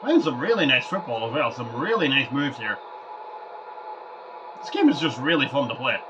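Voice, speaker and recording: A man's voice: mid-range voice, animated, moderate pace, noisy background. Rambling man, muffled lo-fi recording. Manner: rambling, stumbles and repeats words. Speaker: gaming vlogger. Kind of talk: rambling casual commentary over gameplay.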